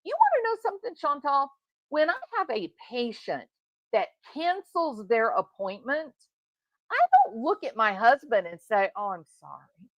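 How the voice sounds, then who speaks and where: Slow-talking indignant woman commentator. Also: high voice, very animated, no echo, rough recording. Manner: indignant, emphatic, talks straight to the subject. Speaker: commentary host. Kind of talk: true crime reaction commentary.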